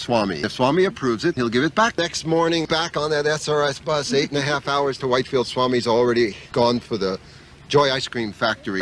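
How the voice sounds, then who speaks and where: A man's voice: mid-range voice, a little hiss or hum. An older man telling humorous stories of his past, acting out other people's lines with laughter. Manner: animated, acts out dialogue with laughs. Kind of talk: humorous anecdotal storytelling.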